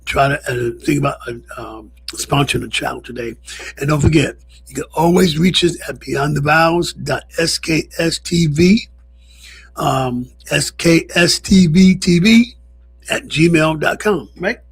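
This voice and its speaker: A man co-hosting a relaxed radio talk show from a studio, laughing his way through stories. His voice sits a touch high and has a gravelly, husky grain. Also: a little slow. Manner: laughing storyteller. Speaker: co-host. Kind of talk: casual radio chat.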